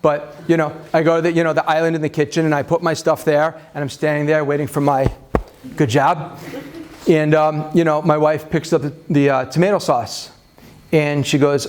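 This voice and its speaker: A man's voice: a little high, moderate pace, darkish tone, slight background noise. A man leading a marriage seminar, talking conversationally to an audience with self-deprecating humor, many fillers and restarts. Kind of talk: live seminar talk to an audience.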